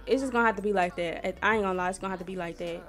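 A young woman from Missouri, chatting casually to viewers while she plays a life-sim game, squealing when something excites her. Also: mid-range voice, racing. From Missouri, USA. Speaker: gaming streamer. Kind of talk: casual gameplay commentary. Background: soft R&B background music.

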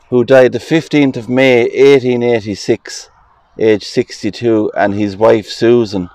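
A man's voice: lowish voice, a little mellow, no room sound. A man with an Irish accent walking through a graveyard, reading old inscriptions aloud and musing about them. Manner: reads headstone inscriptions aloud slowly, musing. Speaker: cemetery vlogger. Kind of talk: casual walking commentary. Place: outdoor graveyard.

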